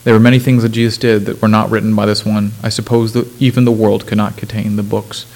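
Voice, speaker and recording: Male preacher, lowish voice, casual sermon delivery mixing scripture reading with plain commentary. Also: level tone, fast talker, darkish tone, poor audio. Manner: conversational, with asides and self-corrections.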